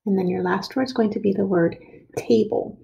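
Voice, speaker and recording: A woman's voice: medium pitch, fairly even intonation, gravelly, warm tone, husky, highs cut off. Patient woman teaching young writers. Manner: slow, patient, stretches out word sounds. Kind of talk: early reading and writing lesson.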